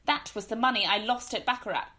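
An actress playing a brisk, formidable aunt in a comic radio drama, with a scornful, commanding manner. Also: female voice, a little high, sharp tone. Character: brisk formidable middle-aged English aunt.

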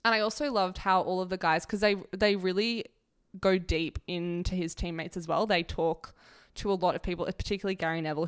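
A woman co-hosting a podcast, chatting casually and telling stories with lively quoted voices. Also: lowish voice, smooth. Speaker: podcast co-host. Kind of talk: casual chat.

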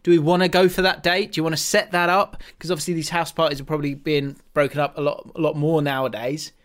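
A man's voice: fairly high pitch, little pitch movement, quick pace, fairly bright tone. A man from Surrey hosting a casual podcast, playful and teasing as he reads out listener messages. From Surrey, England. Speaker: podcast host.

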